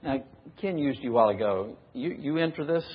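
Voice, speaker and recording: This preacher addresses his congregation with a mid-range voice, lively intonation and a slightly fast delivery, asking the audience questions and acting out examples. Heavy background noise sits under a dull recording with long hall reverb.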